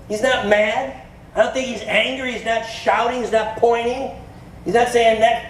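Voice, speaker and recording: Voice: medium pitch, unhurried, a little hiss or hum. A pastor giving a casual, joking sermon in a church, acting out the story's dialogue. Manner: conversational and joking, acts out quotes. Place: church sanctuary. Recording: echoey church hall, far from mic.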